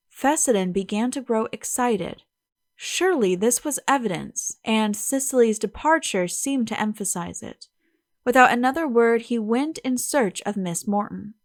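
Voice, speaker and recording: Woman audiobook narrator, measured and even, a touch high, dry booth sound. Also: no room sound. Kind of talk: scripted narration.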